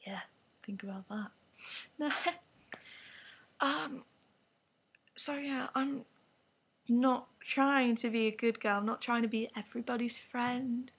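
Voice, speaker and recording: A teenage girl with an English accent rants straight to camera in a casual vlog. Her voice sits a little high and has a gravelly, breathy texture. She rambles frankly, leans on "like" and drops into whispered asides. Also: fairly even intonation, slow pace, long pauses. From England. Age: teens. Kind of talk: candid vlog rant to camera.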